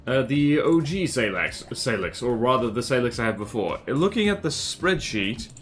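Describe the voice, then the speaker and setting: Aussie male streamer, animated voice that swings up and down, chatty and jokey, faint music behind. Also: medium pitch. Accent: Australian. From Australia. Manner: chatty, jokey, quick to laugh. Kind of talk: casual live-stream chat over gameplay.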